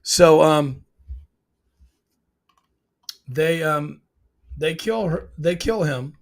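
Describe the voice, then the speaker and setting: A man hosting his own show, recapping a TV episode in a rambling, emotional way, often clearing his throat. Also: a little high, animated, drawn-out words. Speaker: show host.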